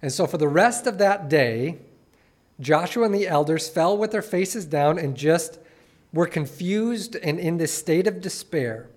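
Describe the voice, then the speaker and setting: A man with a high voice preaches a morning sermon. He reads scripture expressively, then drops into casual, conversational asides to the congregation. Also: animated, a little slow, a little mellow. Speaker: pastor.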